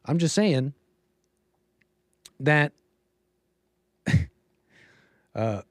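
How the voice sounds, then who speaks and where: A man's voice: a little high, expressive, very slow, dry recording, clean studio sound. A man hosting a livestream show, talking in a casual, rambling monologue with many restarts and mocking put-on quotes.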